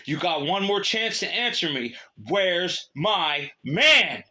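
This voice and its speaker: Man doing a high, hollering rifle-toting soldier. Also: big pitch swings, slow, full character voice. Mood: threatening. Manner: yelling, threatening. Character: angry shouting male soldier with rifle.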